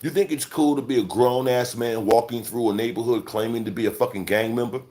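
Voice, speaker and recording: A man's voice: medium pitch, steady tone, brisk, a little mellow. Man, late forties, livestream rant, confrontational, heavy cursing. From Chicago. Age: 40s. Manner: profane, scolding, confrontational. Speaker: livestream host.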